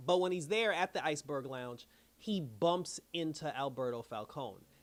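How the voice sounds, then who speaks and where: A man's voice: on the high side, lively intonation, normal speed. A man giving a casual, slangy recap of a TV episode, telling the story loosely with lots of fillers. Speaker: show reviewer.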